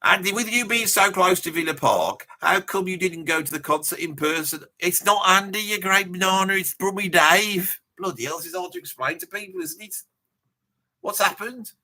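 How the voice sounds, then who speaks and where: A livestream host puts on an exaggerated voice as a brash, mouthy Birmingham metalhead, sounding high, pushed, and bright at normal speed. Blustery throughout, he rambles through the reaction stream, swears casually, and laughs at his own jokes.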